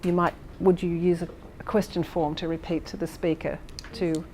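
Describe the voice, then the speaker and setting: A woman's voice: on the low side, flat delivery, moderate pace, mellow, slight background noise. A woman leading a workshop for teachers, explaining and demonstrating a lesson with frequent fillers and restarts while checking in with the room. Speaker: teacher trainer presenting a workshop.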